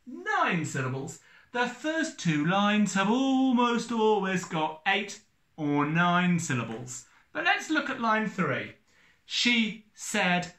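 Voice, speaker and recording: Slow, lively teacher man, echoey room. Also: high voice. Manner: slow, sing-song, counting out syllables and beats. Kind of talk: recorded classroom lesson.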